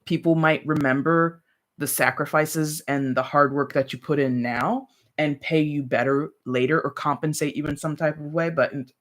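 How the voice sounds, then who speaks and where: A tarot reader doing a casual live-stream reading, talking loosely and directly to viewers and peppering sentences with "like" and "you know". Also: medium pitch. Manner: talks straight to viewers with light laughs.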